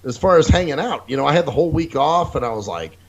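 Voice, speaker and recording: A young male podcast co-host with a rather high voice that swings widely in pitch. He talks in a laid-back, slangy way, dropping casual swears into his stories. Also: lively intonation, fast, lo-fi sound. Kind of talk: casual profane podcast chat.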